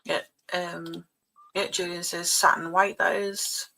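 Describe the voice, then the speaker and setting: A woman's voice: fairly low pitch, level tone, slow, gravelly, pushed and bright, rough recording. A woman co-hosting a casual livestream who chats in a friendly, helpful way while she paints.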